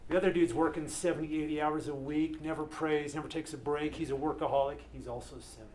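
Male pastor, sermon, earnest, animated, slightly high-pitched, faint background noise. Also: fast talker. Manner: earnest, animated, acts out quoted voices. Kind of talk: sermon to a men's group.

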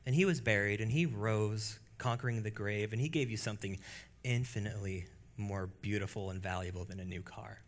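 A male pastor preaching a sermon to his congregation, moving between quiet, low passages and loud, high bursts. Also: a little fast. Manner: animated preaching that swings from hushed to loud and high. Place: church.

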